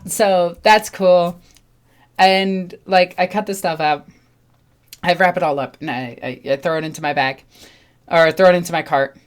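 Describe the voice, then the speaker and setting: A young woman chats casually as she tells a story to her viewers. Her voice sits a little low, and she gets animated as she acts out the lines of the people she met. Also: a little slow. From New York. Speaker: channel host.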